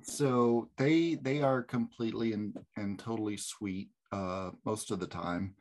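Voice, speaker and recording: A man's voice: on the low side, fairly even intonation, measured pace. A man in a casual chat, joking and playfully acting out what his family says. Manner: jokey, playful, acts out voices.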